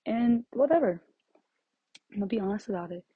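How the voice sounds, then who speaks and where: A young woman hosting her own podcast, rambling casually and laughing often, her voice shaky and her breathing loud with anxiety as she walks around her bedroom. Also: mid-range voice, expressive, fairly quick, husky, no echo. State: anxious and shaky, breathing loudly. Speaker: podcast host. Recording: slightly dull, dry lo-fi home recording.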